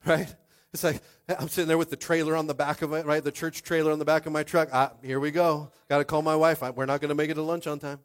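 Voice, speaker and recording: A man preaching a sermon as pastor, animated, swinging from hushed confiding to shouting and acting out little scenes. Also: on the high side, quick pace, few pauses.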